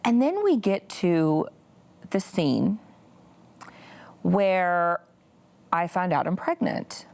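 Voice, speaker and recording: A woman in her forties recounts a personal story as a guest. Her voice sits low and carries a gravelly edge. She talks earnestly, with many "you know" fillers. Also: big pitch swings, very slow, long pauses, a little mellow. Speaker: guest, pro-life activist. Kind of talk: interview storytelling.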